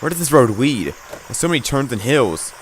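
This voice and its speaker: A man's voice: medium pitch, very animated, a little fast, slight background noise. A man narrating a let's play, reading the game's text dramatically with occasional stumbles and wry asides.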